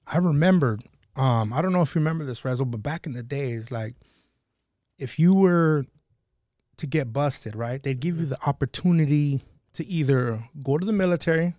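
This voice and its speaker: A man's voice: on the high side, moderate pace, a little mellow, no room sound, clean studio sound. A man in casual podcast chat, talking passionately and swearing often as he tells stories. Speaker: podcast guest.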